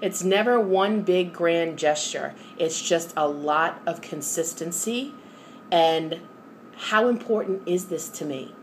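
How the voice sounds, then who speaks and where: A woman's voice: lowish voice, takes it slowly, slight background noise. A middle-aged woman with a New York accent, talking candidly and earnestly in a personal vlog, giving motivational encouragement to her viewers. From New York area. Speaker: vlogger.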